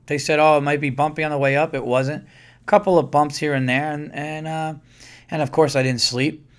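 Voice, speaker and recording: A man's voice: fairly high pitch, moderate pace, clean tone. A man hosting a podcast, telling a story in casual monologue, acting out other people's lines and swearing freely. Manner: swears freely, repeats words when excited. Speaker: podcast host.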